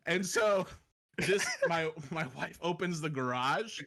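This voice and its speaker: A man in his thirties telling a story in casual podcast chat, animated and acting out the voices in it. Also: on the high side, slow, noisy background. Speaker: podcast guest.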